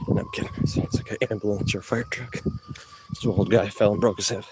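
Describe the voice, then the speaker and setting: A man's voice: lowish voice, huge pitch swings, brisk, heavy background noise. A man rambling and trash-talking in a joking way during a live stream outdoors. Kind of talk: rambling live-stream chat while jogging.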